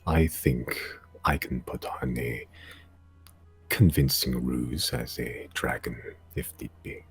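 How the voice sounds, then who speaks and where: A man voicing a large dragon ally who speaks slowly and formally, courteous to friends and menacing to intruders. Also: steady tone, faint music behind, full character voice. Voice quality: deep, slow, gravelly. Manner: stately and courteous, threatening to foes.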